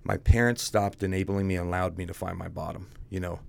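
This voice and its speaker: A man with a very deep voice and plenty of gravelly fry tells his story as a guest. He talks bluntly and conversationally, tossing "dude" at the host. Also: fairly even intonation, fast talker. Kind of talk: casual candid storytelling.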